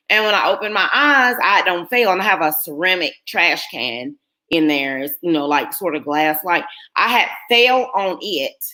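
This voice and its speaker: A woman's voice: on the low side, pushed and bright. A middle-aged woman, telling a personal story to her viewers in an earnest, emotional way. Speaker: vlogger.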